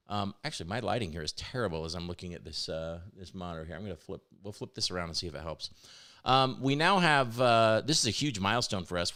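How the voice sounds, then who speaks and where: A man's voice: deep voice, a bit bright. A man hosting a weekly developer livestream, talking chattily and enthusiastically in casual announcements, often laughing. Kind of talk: casual live-cast announcements.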